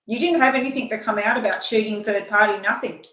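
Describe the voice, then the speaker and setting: A woman's voice: mid-range voice, fast, a bit bright, echoey room, rough recording. An older woman giving a chatty, rambling live-stream tarot reading, at times talking while she eats. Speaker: tarot reader.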